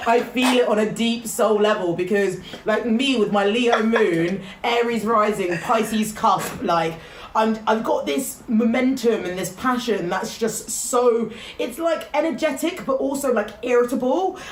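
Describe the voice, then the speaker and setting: A woman's voice: on the high side, unhurried, roomy sound, slight background noise, low-quality recording. A woman hosting a podcast in casual chat, enthusiastic and laughing often, with many fillers. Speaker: podcast host.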